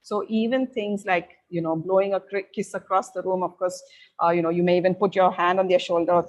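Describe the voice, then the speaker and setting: This is a woman talking parents through their teenagers' changes. Her voice sits a little low. She is middle-aged, and she explains in a calm, advisory way with frequent pauses. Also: poor audio. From India. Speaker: parenting educator.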